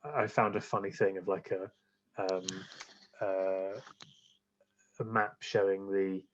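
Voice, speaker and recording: A man's voice: sits low, steady tone, slow pace, highs cut off, a little hiss or hum. A man, a guest on a podcast, chatting casually and rambling with many fillers and restarts. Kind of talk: casual interview chat.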